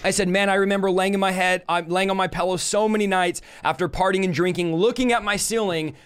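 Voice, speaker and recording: A young man hosting a ministry talk show, telling stories with fervent energy and quick asides. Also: high voice, fairly even intonation, smooth. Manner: fervent storytelling, quick asides, repeated "right?". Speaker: host.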